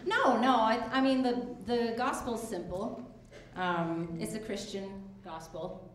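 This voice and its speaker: A woman's voice: on the high side, slow pace. A woman in her thirties speaking as a guest on a live podcast, hesitant, with many ums. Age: 30s. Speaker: audience guest. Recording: echoey live room with faint noise, far from mic.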